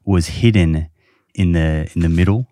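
A man's voice: low-pitched, normal speed, warm tone, dry recording. A man hosting a podcast, explaining research casually with many fillers. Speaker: podcast host. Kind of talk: casual chat.

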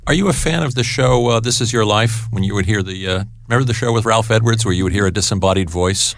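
A man co-hosting a podcast interview, eager and quick, often stumbling and restarting his words. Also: fairly low pitch, gravelly, dry recording, studio quality. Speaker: podcast co-host. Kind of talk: casual interview chat.

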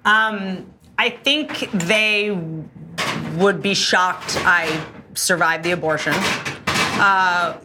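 A woman's voice: medium pitch, drawn-out words, very noisy. A woman comedian chatting as a guest, wry and rambling. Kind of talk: casual chat.

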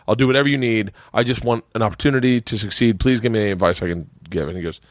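A podcast host in his forties, a little tipsy from drinking, rambles and laughs his way through a long, profane story in casual chat. His voice is on the low side and very fast, captured in a dry, clean studio recording.

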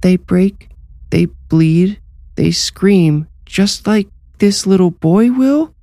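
A man voicing a possessed little boy, high and eerie. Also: animated, slow pace, warm tone, no room sound, full character voice. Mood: menacing. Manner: eerie, menacing. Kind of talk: audiobook horror reading.

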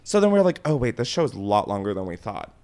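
Animated young man telling a story. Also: fairly low pitch, fast. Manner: animated, swearing, dramatic retelling with put-on quotes. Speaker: podcast host. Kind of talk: casual storytelling chat.

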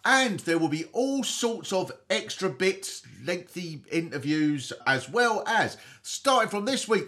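Animated comic host. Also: male voice, fairly high pitch. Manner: theatrical, mock-grand comic delivery. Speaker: podcast host. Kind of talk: comic podcast hosting.

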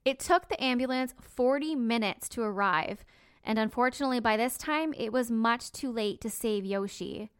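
A woman's voice: fairly high pitch, moderate pace, clean tone, no room sound, clean studio sound. A woman hosting a podcast, narrating a true crime story conversationally with personal asides. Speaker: podcast host.

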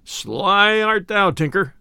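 A man's voice: high-pitched, expressive, takes it slowly, gravelly, bright, forceful tone, clear, resonant tone, dry recording, studio quality, voice pushed up, heavily acted. A man voicing a sly, merry outlaw leader, amused and lordly in archaic speech.

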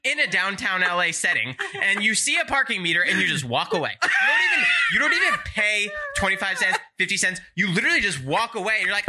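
A young man co-hosting a podcast, telling animated stories in casual chat and laughing often. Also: high voice, quick pace, hardly any pauses, noisy background. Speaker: podcast co-host.

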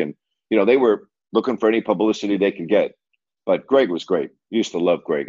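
Older male host, low-pitched storyteller, animated and repetitive, muffled lo-fi recording. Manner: animated, laughing, repeats himself. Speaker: sportscaster host. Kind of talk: casual storytelling to a live audience. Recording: dull lo-fi audio.

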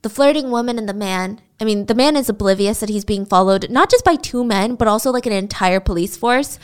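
A woman's voice: medium pitch, lively intonation, fairly quick, clean tone. Chatty woman telling a story. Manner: chatty, laughs while telling. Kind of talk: casual storytelling.

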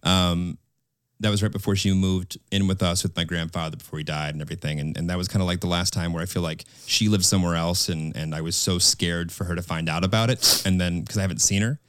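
A man's voice: low-pitched, steady tone, fast talker, a bit bright, smooth, no echo. A young man co-hosting a podcast, telling a personal story in a rambling, candid way. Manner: rambling, with fillers and restarts. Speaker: podcast co-host. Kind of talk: casual podcast chat. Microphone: studio mic.

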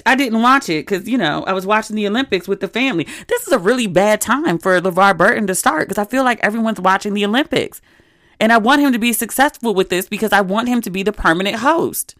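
Woman in her forties, solo podcast host, candid chatty storytelling, mid-pitched voice, dry close mic. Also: lively intonation, quick pace, a bit bright, no room sound. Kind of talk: casual solo podcast chat.

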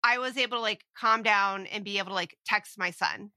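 A woman's voice: medium pitch, a little fast, pushed and bright, no echo. A woman in her forties co-hosting a parenting podcast, telling stories in a chatty, self-mocking way. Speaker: podcast co-host. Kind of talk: casual parenting chat.

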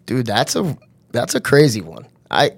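A man telling a funny story in casual chat, animated and laughing often, with lots of "you know" and "bro". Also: mid-range voice, unhurried, breathy edge, dry recording. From New York area. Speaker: podcast guest.

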